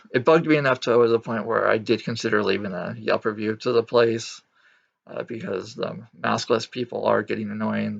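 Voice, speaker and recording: A man's voice: medium pitch, vocal fry. A man talking in a casual, reflective vlog, rambling with many fillers and restarts and speaking bluntly. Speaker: Christian vlogger. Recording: dull lo-fi recording.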